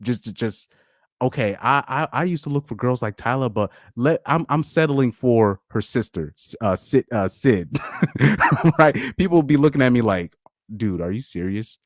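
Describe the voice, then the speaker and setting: Rambling, animated man on a live stream. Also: medium pitch, normal speed, no echo, clean studio sound. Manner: animated, rambling, laughs a lot, repeats words. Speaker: podcast host. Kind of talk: casual live stream chat.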